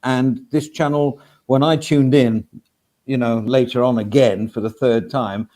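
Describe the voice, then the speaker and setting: A man's voice: mid-range voice, fairly even intonation, a little slow, warm tone. A man on a live stream panel, talking earnestly and repeating himself as he makes his points. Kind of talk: casual panel chat.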